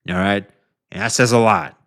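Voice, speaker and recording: A man streaming casual commentary on online drama, rambling and swearing with many fillers, his voice often trailing off quieter. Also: on the low side, normal speed.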